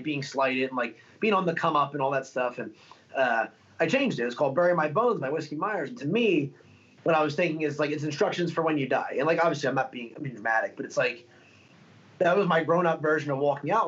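A man's voice: a little high, a bit bright. A young man, a fighter, talking casually in an interview, rambling through stories with lots of fillers. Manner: fast, rambling storytelling with many fillers. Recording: dull lo-fi sound.

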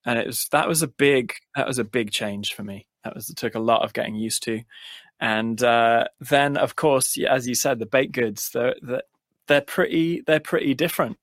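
A man's voice: medium pitch, moderate pace, a bit bright, no room sound. A man with an English accent, a guest in a casual interview, talking in a dry, rambling way with many restarts. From United States. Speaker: musician guest.

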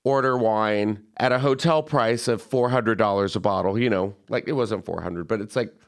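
A young man hosting a podcast, telling a story in an animated, chatty way and acting out the voices of people he quotes. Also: on the low side. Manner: animated, quick asides, acts out quoted voices. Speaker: podcast host. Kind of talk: casual storytelling chat.

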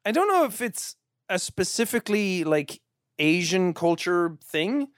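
A man's voice: high voice, very animated, a little slow, clear, resonant tone, dry recording, clean studio sound. A young man co-hosting a podcast, chatting casually and acting out silly voices with lots of giggling. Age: young adult. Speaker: podcast co-host. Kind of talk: casual chat.

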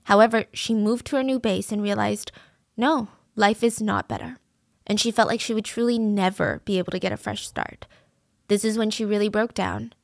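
A woman's voice: mid-range voice, steady tone, normal speed, gravelly, no echo, clean studio sound. A woman narrating a true crime case in a casual, conversational way, earnest and openly moved.

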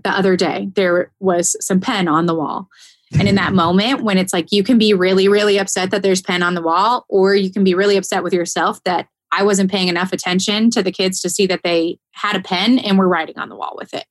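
A woman in casual podcast conversation, telling a story in an animated way and laughing often. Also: medium pitch, no echo. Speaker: caregiver.

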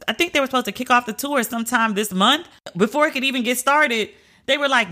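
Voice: high voice, a little fast, pushed and bright. A commentator reading entertainment news aloud in a casual, chatty way and reacting openly between the items.

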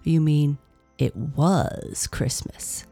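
A woman's voice: deep voice, very slow, vocal fry, dark tone, no room sound, faint music behind, full character voice. A woman voicing a stern middle-aged father with a plain, lecturing manner in a storybook reading. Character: stern middle-aged dad, told-you-so.

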